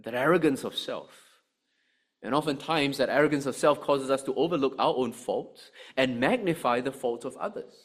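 A man preaching a sermon, animated, with frequent rhetorical asides to the congregation. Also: mid-range voice, normal speed. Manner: animated, rhetorical "right?" asides, acts out angry voices.

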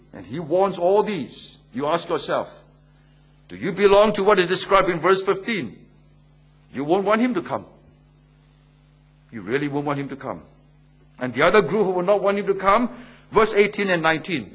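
A man's voice: sits high, animated, fairly quick, a bit bright, breathy edge. A male pastor, preaching emphatically and posing rhetorical questions with repeated phrases. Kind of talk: sermon.

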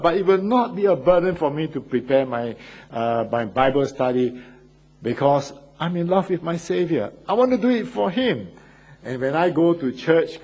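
A man's voice: mid-range voice, a little mellow, slightly rough, low-quality recording. A man preaching a sermon in an earnest way, repeating phrases and lifting his voice on key words.

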